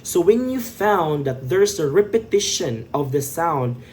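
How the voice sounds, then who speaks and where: A man's voice: a little high, big pitch swings, unhurried, a little hiss or hum. A young man giving a classroom presentation, switching between English and Cebuano as he explains. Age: young adult. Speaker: student presenter.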